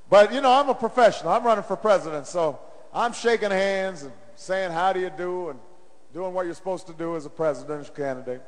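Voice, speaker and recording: A middle-aged man tells a rally story with a striking high-pitched voice that climbs into a chanting call-and-response. His words ring out with a long reverb through a large arena. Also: brisk. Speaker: presidential candidate. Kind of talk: campaign rally speech.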